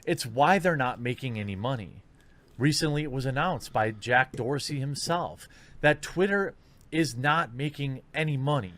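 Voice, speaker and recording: A man's voice: mid-range voice, expressive, moderate pace, fairly bright tone. A man speaking an earnest, preachy video monologue, played from a recording. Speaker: video commentator.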